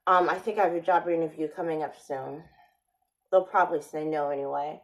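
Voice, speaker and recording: A woman's voice: sits low, fairly even intonation, a little fast, low-quality recording. A woman vlogger in a casual monologue, rambling and sardonic, often restarting her sentences.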